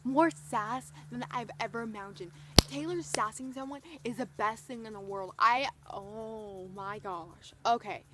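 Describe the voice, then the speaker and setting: A young woman vlogger gushing through an excited storytime, full of "like" and retold quotes. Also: a little high, moderate pace, background noise. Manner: gushing, breathless retelling full of "like".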